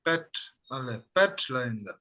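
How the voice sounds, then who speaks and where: Slow, bright-voiced language teacher. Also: male voice, medium pitch, very animated. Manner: repeats phrases slowly, says "that's it" often. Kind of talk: slow patient language lesson.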